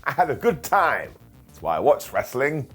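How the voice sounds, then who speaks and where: A man's voice: mid-range voice, big pitch swings, moderate pace, faint music behind. A man hosting a comedic wrestling review, talking with a slight lisp from a bitten tongue and full of wry, jokey asides.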